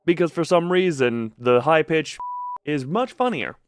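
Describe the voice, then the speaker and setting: A man's voice: a little high, animated, a little slow, slight background noise. A young man streaming a game, chatting casually in a rambling, jokey way and tripping over his words. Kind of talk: casual live-stream chat while gaming.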